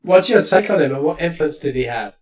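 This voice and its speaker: Chatty host heard from off-mic. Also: male voice, fairly high pitch, animated, a little fast, a little mellow. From East London, England. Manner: chatty, storytelling, frequent restarts. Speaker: podcast host. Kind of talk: casual interview chat. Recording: distant from the mic.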